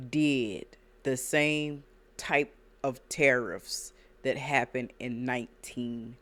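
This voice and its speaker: A woman's voice: extremely low pitch, fairly bright tone. A woman hosting reaction commentary, emphatic and preachy, repeating her points. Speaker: reaction channel host. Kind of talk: casual commentary.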